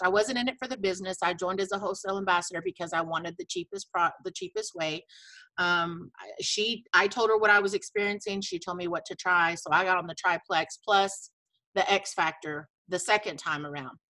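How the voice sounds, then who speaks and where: A woman's voice: medium pitch, pushed and bright, no room sound, rough recording. A middle-aged woman telling a long personal story in casual chat over a video call, full of fillers and acted-out dialogue. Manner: chatty storyteller, many fillers and quoted dialogue. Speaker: network marketing distributor sharing her story.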